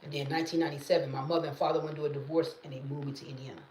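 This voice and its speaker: A woman's voice: low voice, fairly even intonation, rapid-fire, roomy sound, very noisy. A woman, talking emphatically and profanely in a casual live-stream monologue, repeating her catchphrases. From Mississippi, US. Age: late 30s. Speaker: livestreamer.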